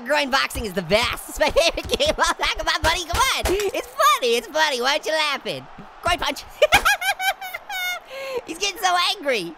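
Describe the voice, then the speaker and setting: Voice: high voice, gravelly, very noisy, heavily acted. A performer voicing a cheeky, hyper male cartoon orange who narrates a comedic VR boxing playthrough, taunting and cackling constantly. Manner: taunting, giggly, constant cackling laughs and wisecracks. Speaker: gameplay commentator.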